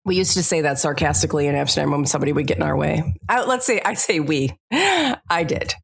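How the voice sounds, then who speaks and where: A woman co-hosts a podcast in an easygoing, conversational way. Her voice sits a little low, and she laughs off her own slips as she goes. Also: lively intonation, fast, gravelly, slightly rough. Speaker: podcast co-host. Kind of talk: casual podcast chat.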